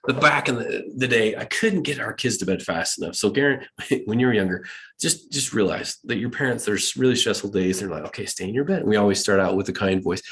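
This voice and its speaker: A man presenting a motivational talk at a school event, lively and acting out quoted voices. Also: lowish voice, fairly quick.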